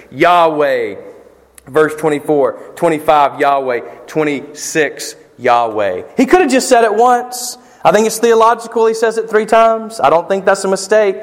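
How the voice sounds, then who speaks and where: A man with a Southern American accent preaching a sermon as pastor, animated and emphatic, with rhetorical questions and repetition. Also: high-pitched. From Southern United States. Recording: long hall reverb.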